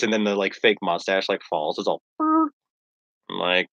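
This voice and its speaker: A man with a lowish voice talks on a livestream in a rambling, self-mocking way. He trails off often and fills gaps with "um" and "like". The sound is dry, with no room echo. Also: wildly swooping pitch, a little slow, fairly bright tone. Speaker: livestreaming artist.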